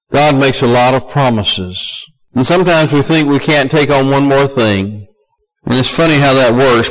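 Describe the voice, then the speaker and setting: A man with a Southern US accent preaching a sermon in a folksy, conversational way that climbs to loud, high emphasis. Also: low-quality recording. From American South.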